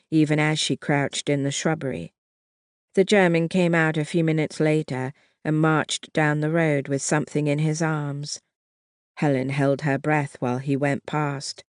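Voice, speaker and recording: Slow, measured audiobook narrator. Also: medium pitch, a little mellow, dry recording, studio quality. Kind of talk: scripted narration.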